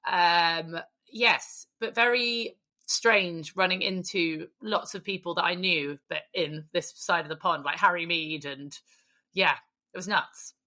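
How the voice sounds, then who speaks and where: Lady on a podcast, bright sharp voice, a bit low, gossipy and giggly. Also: measured pace. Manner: chatty, gossipy and laughing. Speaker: podcast co-host. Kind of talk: casual chat.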